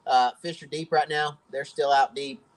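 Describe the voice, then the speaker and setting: A man with a drawl chats through a live-stream Q&A in a relaxed, folksy way. His voice sits a bit high for a man, and he laughs easily between answers. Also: moderate pace, low-quality recording. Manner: folksy, chatty, laughs often. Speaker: host of a fishing channel. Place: home workshop.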